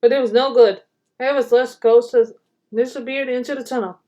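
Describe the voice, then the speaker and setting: A woman reading a children's storybook aloud in a fairly high voice. Her narration is animated and dramatic, carrying the story along between the characters' lines. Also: a little fast, muffled recording. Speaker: storybook reader.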